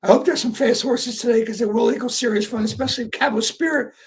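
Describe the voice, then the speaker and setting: A man hosting a casual horse racing betting chat, talking through his picks in a rambling, earnest way, his voice sounding high and squeaky. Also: fast, husky. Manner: rambling, full of fillers, earnest. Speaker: horse racing handicapper host.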